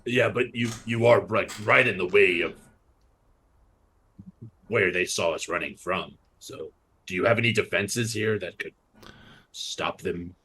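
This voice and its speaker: A man's voice: low voice, measured pace, pauses often, bright, forceful tone, a little hiss or hum. A man playing a tabletop game, asking questions in character. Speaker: player.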